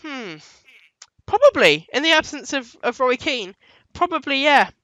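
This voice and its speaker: A man co-hosting a casual football chat, giving opinionated, animated picks. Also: very high voice, a little slow, dry recording, rough recording. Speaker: podcast co-host.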